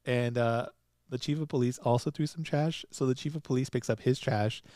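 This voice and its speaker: A man's voice: mid-range voice, fairly even intonation, brisk, warm tone, dry recording, clean studio sound. A young man hosting a solo podcast, chatting casually and laughing often as he recaps episodes. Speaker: podcast host.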